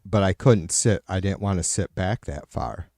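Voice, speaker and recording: A man's voice: deep voice, moderate pace, gravelly, darkish tone, no echo, studio quality. A middle-aged man hosting a livestream, chatting casually with viewers and answering their comments aloud in a profane, rambling way. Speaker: livestream host.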